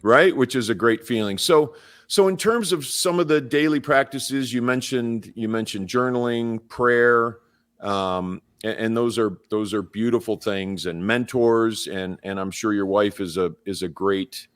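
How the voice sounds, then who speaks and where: Male podcast host, reflective, rambling, lowish voice. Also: measured pace. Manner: reflective, rambling with many restarts. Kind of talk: podcast conversation.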